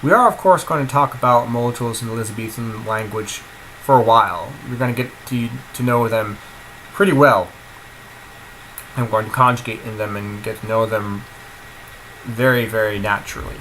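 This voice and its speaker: A man teaching a video lesson on grammar, explaining in an animated, emphatic way and acting out example sentences. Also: on the low side, normal speed, slight background noise, rough recording. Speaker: language teacher.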